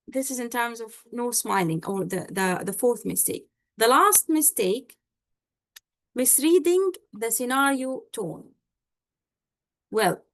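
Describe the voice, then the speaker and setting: High-voiced woman teaching slowly, dry sound. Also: no echo. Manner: explanatory, frequent "okay?" and "all right?" check-ins. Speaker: medical exam tutor. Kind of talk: online teaching session.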